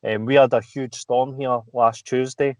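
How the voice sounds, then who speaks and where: Scottish male guest, mid pitch, swears freely, laughs mid-story. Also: steady tone, moderate pace, dry recording. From Scotland. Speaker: podcast guest. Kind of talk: casual chat.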